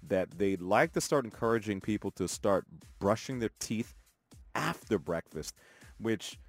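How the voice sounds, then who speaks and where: A man's voice: on the low side, a little slow, faint music behind. A man hosting a morning radio show in a studio, chatting casually and reading out listener texts. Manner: relaxed, reads out listener texts, chuckles often.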